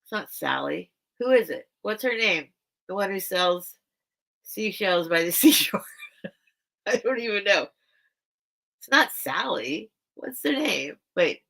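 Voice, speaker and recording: Bright-voiced woman chatting slowly on a live stream. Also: medium pitch, gravelly. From grew up by the beach. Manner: rambling, self-interrupting, chatty. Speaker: host of a live vintage sale stream. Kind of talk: casual live-stream chat.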